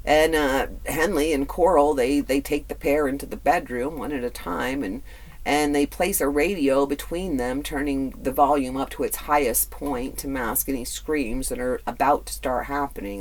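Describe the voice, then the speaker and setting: A man hosting a true crime podcast, telling the story in a casual, conversational way with blunt, profane asides and lots of fillers. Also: medium pitch. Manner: filler-heavy, repeats words.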